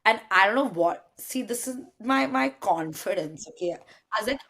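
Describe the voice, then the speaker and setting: A young woman spins a long, animated story in a casual chat. Her voice sits in a middle pitch and she slips into her friends' voices as she quotes them. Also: normal speed.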